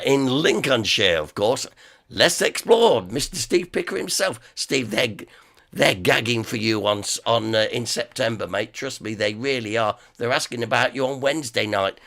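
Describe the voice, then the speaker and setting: A man with an East Midlands accent hosting a casual live stream, hoarse from a sore dry throat, rambling and greeting viewers one by one. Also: lowish voice, fairly bright tone. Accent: East Midlands English.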